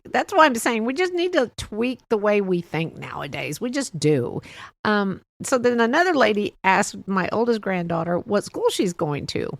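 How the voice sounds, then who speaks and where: A woman's voice: mid-range voice, gravelly, no echo. An older woman hosting a podcast, telling stories in a rambling, chatty way and laughing often. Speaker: podcast host. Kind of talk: casual monologue.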